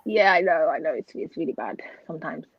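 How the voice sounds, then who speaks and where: Fast-talking woman on a dull line. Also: deep voice, animated, slightly rough, dry recording. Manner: emphatic, advice-giving. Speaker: teacher, co-host. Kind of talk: casual chat. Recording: dull lo-fi sound.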